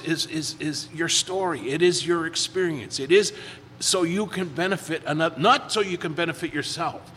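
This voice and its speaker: A man's voice: a little high, normal speed, pushed and bright, husky, in a large hall. A man in recovery telling stories at a meeting, rambling and repeating words as he acts out quotes in a casual way. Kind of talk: casual storytelling talk.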